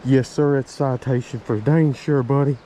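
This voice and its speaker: A man from Virginia, narrating his fishing outdoors by a creek, excitable and chatty with viewers. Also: mid-range voice, normal speed. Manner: excitable, exclaiming, talks to viewers as y'all. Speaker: fishing vlogger. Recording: faint stream and outdoor noise.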